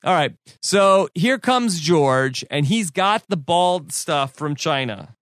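A man with a fairly high voice chats casually as a podcast co-host, walking through scenes and acting out quoted lines. He leans on "like" as he talks, and the sound is close and dry with no room around it. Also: expressive, slow pace, a bit bright, no echo. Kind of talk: casual chat.

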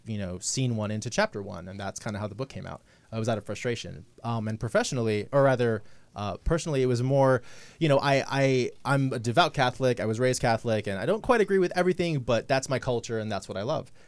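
A man talking about his novel as a guest on a radio talk show, chatty and animated, acting out his own thoughts. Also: mid-range voice, fast, clear, resonant tone, no room sound. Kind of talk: casual talk-show chat. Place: radio studio.

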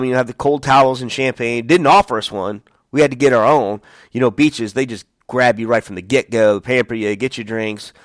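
Guy in his 40s ranting about a trip on his podcast, mid-pitched voice, dry close sound. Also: no echo. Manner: animated storytelling, acts out quotes. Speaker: podcast host. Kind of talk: casual solo monologue.

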